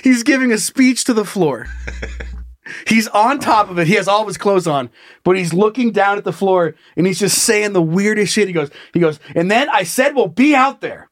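A high-pitched man tells a story in casual chat, animated and laughing as he goes, swearing freely. The recording is dry and close. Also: moderate pace, dry recording.

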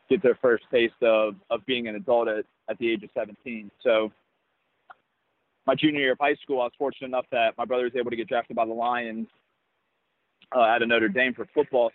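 A young adult man, a baseball player, telling a personal story in an interview in an earnest, reflective way with halting restarts. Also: medium pitch, no echo. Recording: tinny phone-like, dry sound.

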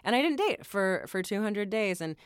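A woman's voice: medium pitch, expressive, moderate pace, clear, resonant tone, no echo. A woman in her thirties speaking as a podcast guest in a recording studio, talking frankly and self-deprecatingly, with frequent swearing. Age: 30s. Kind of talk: candid conversational interview.

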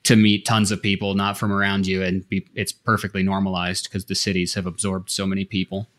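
Low-voiced man in casual podcast chat. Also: little pitch movement, fairly quick, fairly bright tone. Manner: thoughtful, explains at length with restarts. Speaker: podcast co-host.

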